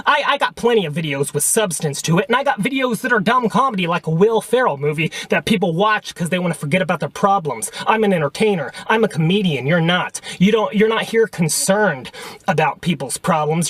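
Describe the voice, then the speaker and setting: High-voiced man ranting at a rival. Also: no echo. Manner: combative, mocking, repeatedly says okay and pal. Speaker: vlogger. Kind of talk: ranting response video.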